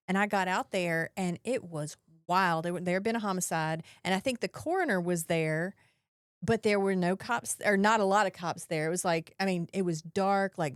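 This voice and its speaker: A woman's voice: lowish voice, smooth, dry recording, clean studio sound. A woman who hosts a crime podcast and reports on crime, chatting casually and telling stories with loose fillers. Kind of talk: casual interview conversation.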